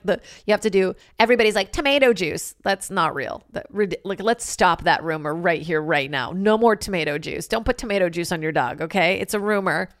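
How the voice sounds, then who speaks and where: A woman hosting a comedy podcast alone, rambling and swearing freely and switching into loud acted-out quotes. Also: medium pitch, no echo, clean studio sound. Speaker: podcast host. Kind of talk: casual solo comedy podcast monologue.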